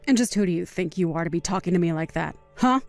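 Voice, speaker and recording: Arrogant young office bully, sneering, taunting, story drama. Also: female voice, lowish voice, animated, fast talker, gravelly, a little mellow, dry recording, soft background music. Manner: sneering, taunting, laughs at others. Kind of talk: voiced text-message story drama.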